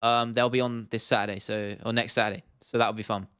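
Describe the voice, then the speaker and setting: His voice sits on the low side, smooth and a bit bright, with a flat, brisk delivery. The young southern English man hosts a casual MMA livestream, answering comments chattily, laughing often, repeating himself, and calling viewers "bro" and "lad."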